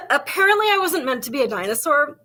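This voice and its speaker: Woman, cop on a chat show, rambling, lots of fillers, fairly high, very bright tone. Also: big pitch swings, fairly quick. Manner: chatty storytelling, heavy with "like", casual swearing. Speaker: podcast co-host and police officer. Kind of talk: casual chat.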